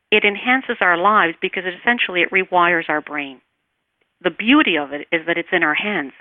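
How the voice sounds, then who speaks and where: A woman teaching meditation in an interview, speaking calmly and soothingly, and her voice trails off softly as she guides the breathing. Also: on the low side, no echo. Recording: tinny phone line, dry.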